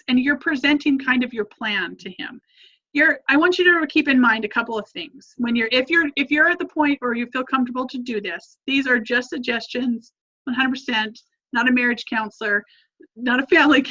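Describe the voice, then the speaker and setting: A woman's voice: on the high side, sharp tone, dull audio. A woman family coach giving an earnest, encouraging lesson, repeating her points for emphasis.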